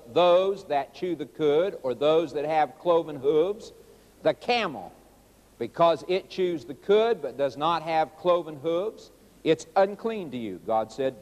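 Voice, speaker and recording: Animated folksy preacher man. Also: a little high, unhurried, long reverb tail. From rural United States. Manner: addresses the audience as folks, acts out quotes in a raised voice. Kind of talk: sermon.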